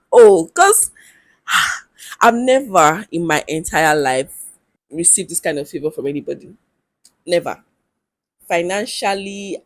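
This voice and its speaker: Her voice is fairly low, with no room sound around it. She's a young vlogger with a Nigerian English accent, talking frankly and chattily to camera, laughing often and using local slang.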